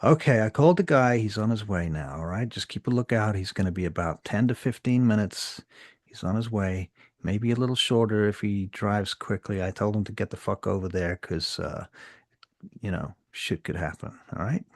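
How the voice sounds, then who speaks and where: Dude voicing a no-nonsense lady on the phone, urgent and reassuring, gravelly, dry sound. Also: fairly low pitch, normal speed, dry recording. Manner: urgent, reassuring, takes charge. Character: brisk, protective woman on the phone.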